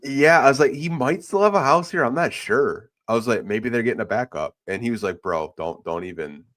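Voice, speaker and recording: A man's voice: mid-range voice, fairly quick, a bit bright. A man in his thirties hosting a podcast, telling chatty anecdotes and acting out what others said. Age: 30s. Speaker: podcast host. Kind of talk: casual chat.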